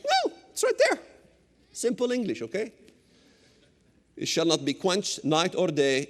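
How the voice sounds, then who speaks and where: His voice high and full of energy, a middle-aged preacher, Arabic by first language, lectures fervently on scripture with swooping intonation. He jabs at his points through abrupt shouts and mischievous asides while the hall answers with a lengthy echo.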